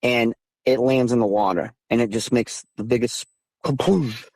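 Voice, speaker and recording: A man in his thirties from southeastern Massachusetts tells his story as an interview guest, calling in by phone. His delivery is emphatic and animated, rising in pitch as he relives the tense moments. The sound is dry and close, with an ordinary mid-range voice. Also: normal speed, no echo. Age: 30s. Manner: animated, emphatic retelling, voice climbing when heated. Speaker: guest recounting encounters. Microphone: phone call.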